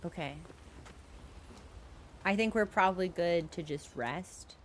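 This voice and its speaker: A woman's voice: lowish voice, slow, slight background noise. A young woman streaming a video game, chatting in a playful, giggly, rambling way. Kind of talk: casual gaming stream chat.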